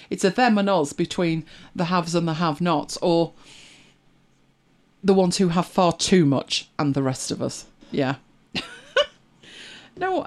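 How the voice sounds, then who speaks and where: A middle-aged speaker with an English accent, chatting casually and reflectively as a host, often laughing and trailing into asides. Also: mid-range voice. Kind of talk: casual chat.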